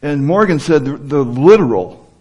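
A man's voice: fairly high pitch, expressive, moderate pace, darkish tone, breathy edge. A man giving an informal sermon, talking conversationally and stopping to rephrase as he quotes scripture. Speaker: preacher.

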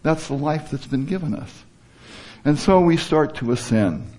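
A man's voice: fairly high pitch, animated, measured pace, warm tone. A man giving an informal sermon, talking conversationally and stopping to rephrase as he quotes scripture. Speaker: preacher.

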